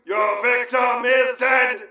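A man co-hosting a comedy podcast, joking loudly with frequent laughter. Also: very high-pitched, steady tone, slow pace, very echoey. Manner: laughing, loud, joking, mock-announcer bits. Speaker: podcast co-host.

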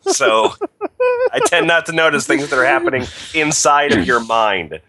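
A man's voice: medium pitch, expressive, normal speed, noisy background. A man hosting a comedy podcast, reading listener questions aloud with sarcastic comments. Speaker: podcast host.

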